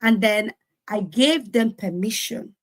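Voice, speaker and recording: A woman's voice: medium pitch, slow pace. A woman in her forties, speaking earnestly on a video call about her own parenting and acting out the lines of others. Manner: earnest, animated, acts out quotes. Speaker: conference speaker. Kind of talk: sharing personal parenting story.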